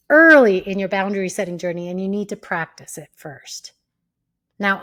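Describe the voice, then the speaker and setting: A woman hosts an advice talk in a calm, measured, medium-pitched voice. She acts out sample replies, shifting her tone for each line.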